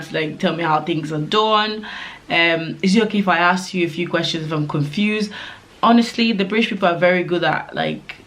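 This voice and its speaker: A woman's voice: on the low side, a bit bright. Young woman vlogger, loose chatty advice read, rambling with lots of fillers. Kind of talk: casual advice talk to camera.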